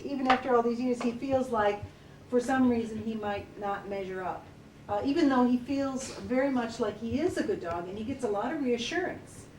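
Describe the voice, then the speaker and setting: A woman working as an animal communicator, talking gently and hesitantly in a relaxed consultation, with many fillers. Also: on the high side. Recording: distant, roomy, noisy field recording.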